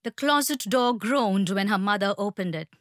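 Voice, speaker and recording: A woman narrating an audiobook in a measured, tense storytelling manner. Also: mid-range voice, no room sound, clean studio sound.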